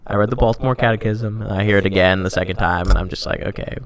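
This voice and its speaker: A young man with a deep voice and a gravelly, fry-laden edge tells a long story in casual podcast chat. He rambles, peppers every sentence with "like", and now and then pokes fun at himself. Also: quick pace, hardly any pauses. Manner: rambling, heavy use of "like", self-mocking. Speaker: podcast host telling his faith story.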